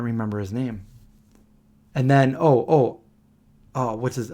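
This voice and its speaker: A man's voice: medium pitch, a little slow, dark tone. Rambling man on a late-night stream. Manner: rambling, searching for names, hums tunes. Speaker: host of a live stream. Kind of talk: casual chat. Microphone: desk microphone.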